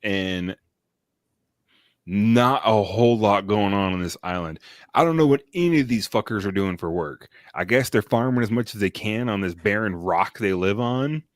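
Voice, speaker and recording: A man's voice: on the low side, moderate pace, no room sound, studio quality. A man on a casual stream, recapping a film in a loose, rambling, profane way with plenty of fillers. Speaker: podcast co-host. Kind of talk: casual chat, movie review.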